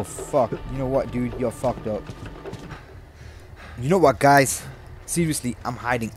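A man's voice: medium pitch, slight background noise. A young man doing let's play commentary on a horror game, swearing constantly and yelping in panic. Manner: jumpy, swears constantly, yelps and shouts in panic. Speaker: gaming commentator.

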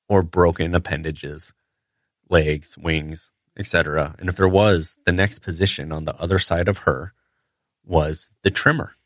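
A man's voice: extremely low pitch, a bit bright, no room sound, studio quality. A man, a butcher hosting a podcast, casually telling how a poultry line works in a matter-of-fact way with frequent fillers. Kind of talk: casual storytelling.

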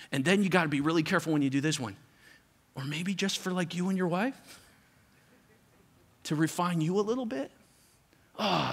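A middle-aged man preaching a sermon as pastor, animated, acting out the people he quotes. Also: high-pitched, slightly rough. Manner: animated, acts out quoted parents with raised voice.

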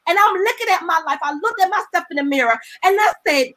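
A woman's voice: very high-pitched, animated, fast, fairly bright tone. A woman evangelist, a guest on the show, telling her personal testimony in an earnest, emotional, colloquial storytelling way.

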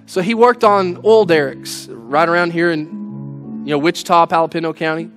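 A man's voice: fairly high pitch, normal speed, a bit bright, faint music behind. A man preaching a sermon in an earnest, folksy way, restarting his words as he goes. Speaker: pastor. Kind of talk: sermon with closing prayer.

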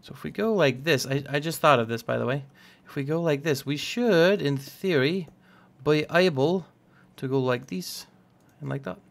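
A young man chats casually while he plays a building game. His voice sits a little high, and he rambles along, cracking jokes at his own mistakes. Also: moderate pace, gravelly. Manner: rambling, self-mocking and jokey. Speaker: gaming channel host. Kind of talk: casual let's-play commentary.

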